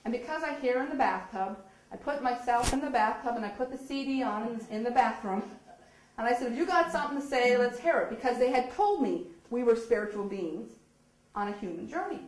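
A woman from Nova Scotia tells an audience her story, acting out the dialogue with laughter. Her voice sits somewhat high. The hall around her is roomy and echoey. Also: brisk. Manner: animated, acts out quoted dialogue with laughs. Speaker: speaker telling her story.

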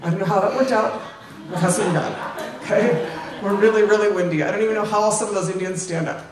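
A fast-talking older woman with a mid-range voice gives an informal public talk with slides as an invited speaker in a lecture room. She's chatty, with asides and tag questions to the audience, while a crowd can be heard in the background. The distant mic sounds roomy with faint ambience.

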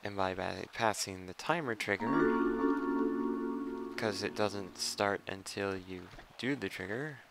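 A man's voice: fairly low pitch, takes it slowly, gravelly, over loud music. A man giving casual, rambling commentary while playing a video game, thinking aloud and poking fun at himself. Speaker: let's play commentator.

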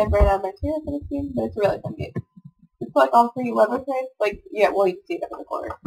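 A young woman gaming vlogger with a slightly mellow voice and vocal fry is sick and sniffling. She rambles chattily over her gameplay, self-deprecating and meandering, captured on her computer mic in low-quality home audio.

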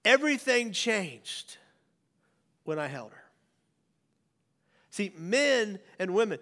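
A male pastor preaching a sermon, swinging from raised declarations to hushed near-whispers. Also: sits high, sing-song, slow pace, pauses often. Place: church sanctuary. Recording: church hall reverb.

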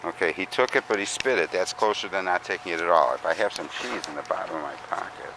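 A man working as a dog trainer, giving short commands and calm monotone praise while explaining his training outdoors. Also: low-pitched, quick pace. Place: outdoors with barking dogs nearby. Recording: noisy outdoor recording. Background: dogs barking.

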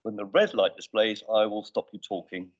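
A man chairing a council committee meeting, running through procedure in a brisk, businesslike way with dry asides. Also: on the low side, steady tone. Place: council chamber. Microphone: desk microphone. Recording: dull lo-fi meeting stream.

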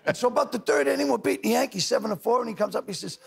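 An older man, a talk show guest telling loud rapid anecdotes and acting out other people's lines. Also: very high-pitched, creaky, slightly rough. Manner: loud rapid storyteller, doing voices of others. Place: TV studio with audience.

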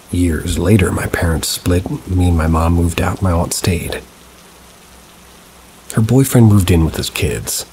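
A man reading true paranormal stories aloud in a measured, somber storytelling manner with dry asides. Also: low-pitched, slight background noise, poor audio. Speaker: story narrator. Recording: steady rain sounds behind the voice. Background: rain ambience.

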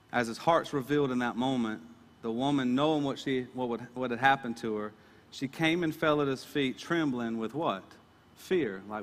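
A man's voice: mid-range voice, normal speed, big-room sound. A male pastor preaching a sermon in an earnest, emphatic way, often repeating his words.

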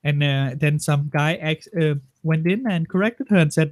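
A blunt, foul-mouthed man in his twenties chatting as a stream guest. His voice sits on the higher side and the sound is dry and close, with no room around it. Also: normal speed, darkish tone, no echo. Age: 20s. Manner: blunt, crude, swearing storyteller. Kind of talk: casual banter on a livestream.

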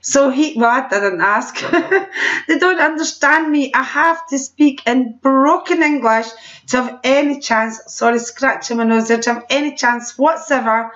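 At a sales meeting, a Scottish woman in middle age talks chattily through her holiday snaps, slipping in apologetic remarks and laughter. She speaks at a measured pace with a high, slightly bright voice, captured on a dull, low-fidelity recording.

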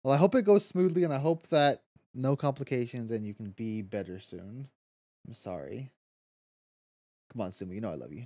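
Man, game streamer, animated swooping voice, curses a lot, laughs easily, faint game music behind. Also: medium pitch. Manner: swears freely, laughs often, reacts quickly to chat. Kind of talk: casual live-stream chat, reading chat aloud.

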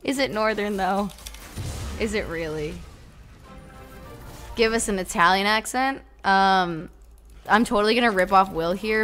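A woman's voice: mid-range voice, measured pace, pauses often, a bit bright, faint music behind. A woman streamer casually chatting with her viewers while playing a game, blunt and talkative, now and then swearing. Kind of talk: casual live-stream chat while gaming.

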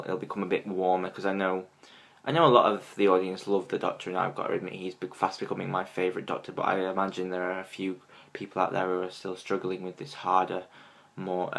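A man giving a casual fan review of a TV episode, excitable and gushing, with many ums. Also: low-pitched, vocal fry.

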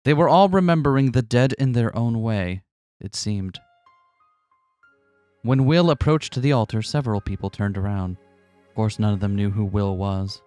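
Soft background music accompanies a man with a low, darkish voice as he reads a visual novel aloud with friends at a moderate pace, alternating narration with character voices. He laughs and jokes between lines in this casual, dramatic read-through, and there's no room sound.

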